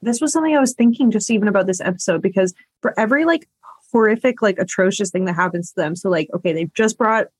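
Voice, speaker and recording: A woman's voice: mid-range voice, quick pace, breathy edge, no echo. A young woman hosting a podcast in casual chat, chatty and full of "like". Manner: chatty, lots of "like", bursts of laughter. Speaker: podcast host.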